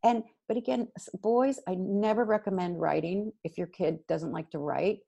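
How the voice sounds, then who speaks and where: Woman, middle-aged, husky, dark-toned voice, energetic emphatic parenting advice. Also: mid-range voice. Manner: energetic, emphatic, quick bursts of repetition. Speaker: parenting guest expert. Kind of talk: casual advice in conversation.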